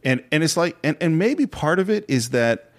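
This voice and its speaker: Lively man retelling film scenes. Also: fairly high pitch, moderate pace, no echo. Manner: detailed storyteller who acts out quoted lines. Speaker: film podcast co-host. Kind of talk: casual chat.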